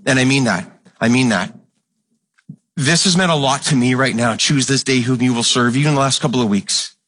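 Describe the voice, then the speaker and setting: Speaking at a moderate pace, a pastor with a slightly bright voice delivers an earnest, impassioned sermon. For emphasis he repeats phrases, and he voices Bible dialogue by raising his voice higher.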